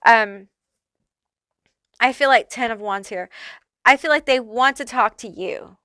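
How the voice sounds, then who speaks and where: Lady doing a chatty tarot reading, swears a lot, bright tense voice, super dry close mic. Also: fairly high pitch, measured pace, dry recording. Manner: chatty, swears freely, many fillers. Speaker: tarot reader. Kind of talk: casual pick-a-card tarot reading.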